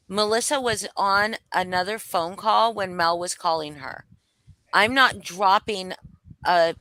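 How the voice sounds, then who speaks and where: A woman's voice: mid-range voice, a bit bright, no room sound. A young adult woman co-hosting a casual gossip livestream, blunt and rambling, swearing freely and restarting her sentences. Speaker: livestream co-host. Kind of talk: casual gossip commentary chat.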